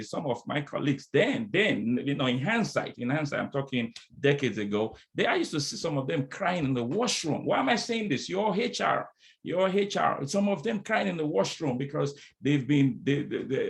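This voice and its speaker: This middle-aged consultant, a French speaker as well, delivers a motivational diversity talk at a conference through a video call. His voice is gravelly and on the high side, and he uses call-and-response and repeated phrases.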